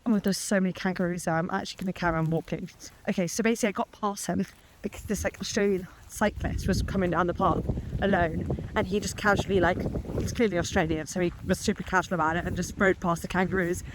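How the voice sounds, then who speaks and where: A woman of twenty talking casually to camera in a vlog, chatty and excitable, with lots of fillers and exclamations. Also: on the low side, quick pace, noisy background. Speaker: vlogger. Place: outdoors on a walk and indoors at home.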